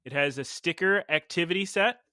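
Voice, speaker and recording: A man hosting a casual podcast, his voice bright and forceful, a little higher than most men's. He tells stories with animated energy and laughs often, on a dry, close recording. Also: brisk, no room sound. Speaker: podcast host.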